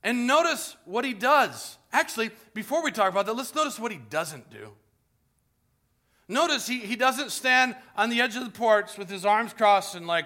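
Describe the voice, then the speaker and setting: A middle-aged man preaching a sermon in a church, telling stories and swinging from hushed asides to loud, animated lines. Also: high voice, normal speed. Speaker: pastor. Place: church sanctuary.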